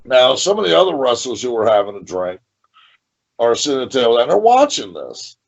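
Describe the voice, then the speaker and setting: A man with a rough, gravelly voice tells a story as a podcast guest, at a middle pitch. He repeats phrases as the story builds. The recording is dull and lo-fi. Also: big pitch swings, fairly quick. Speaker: guest, professional wrestler.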